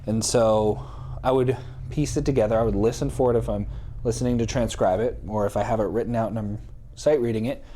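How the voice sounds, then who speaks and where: A man teaching a drum lesson in a casual, hurried way, out of breath and counting beats aloud. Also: lowish voice, fairly even intonation, warm tone, a little hiss or hum. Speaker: drummer giving tips.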